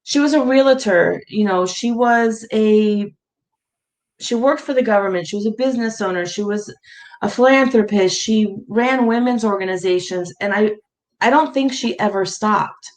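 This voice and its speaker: A woman's voice: mid-range voice, normal speed, low-quality recording. Woman interview guest, conversational storyteller, easy laughter. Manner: warm storytelling, laughs often.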